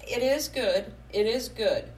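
A middle-aged woman who runs a small business, talking bluntly and getting animated in a casual conversation. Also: on the high side, slow, distant mic, a crowd in the background, rough recording. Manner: blunt and opinionated, gets animated.

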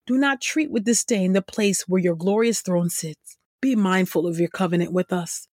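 Female scripture reader, husky mid-pitch voice, earnest, close dry studio sound. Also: normal speed, darkish tone, dry recording.

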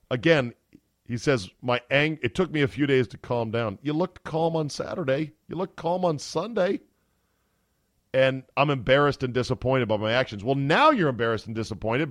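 A man's voice: medium pitch, dry recording. Sarcastic man hosting a sports podcast. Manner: sarcastic, animated commentary. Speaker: podcast host. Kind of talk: casual sports talk. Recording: dry close studio sound.

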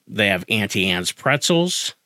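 A man co-hosting a comedy podcast, riffing through an improvised sales pitch with playful, rambling deadpan humor. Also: measured pace, no echo, clean studio sound. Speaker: podcast co-host.

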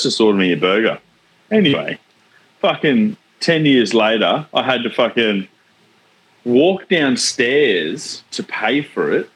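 A man's voice: medium pitch, slight background noise. A young man in casual podcast banter, swearing freely and teasing his co-host. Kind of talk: casual chat.

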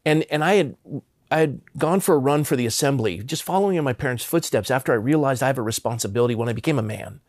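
A man's voice: medium pitch, fast, a little mellow, no echo, clean studio sound. A man in his fifties from Southern California, telling a personal story as a guest with earnest emphasis and frequent stammered restarts.

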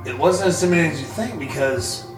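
A man's voice: a little high, fast, distant mic. A man telling a story on a talk show, casually and with a lot of swearing, acting out what others said. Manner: profane, animated storyteller acting out quotes. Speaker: podcast guest. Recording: roomy echo, off-mic, music bed.

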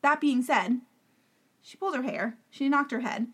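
A woman's voice: sits high, moderate pace, husky. A woman co-hosting a podcast, chatting casually and emphatically about a reality TV show. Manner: opinionated, emphatic, talks over the other host. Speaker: podcast co-host. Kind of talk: casual reality-TV recap chat.

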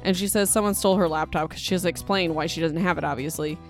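A woman's voice: on the low side, steady tone, quick pace, faint music behind. A young woman casually retelling a novel's plot as a podcast host, chatty and emotional, with lots of fillers and side comments. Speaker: podcast host recapping a book. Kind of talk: casual book recap chat.

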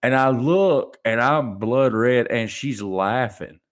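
A man's voice: mid-range voice, takes it slowly. A young adult man hosting a solo podcast, ranting animatedly and mocking people in put-on voices. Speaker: podcast host.

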